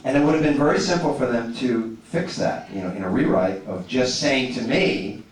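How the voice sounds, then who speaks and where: A man, an actor, telling animated stories and answering audience questions on a panel, repeating words and laughing often. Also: medium pitch, normal speed. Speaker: actor as convention panel guest. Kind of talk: anecdotes and audience Q&A. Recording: echoey hall from far off.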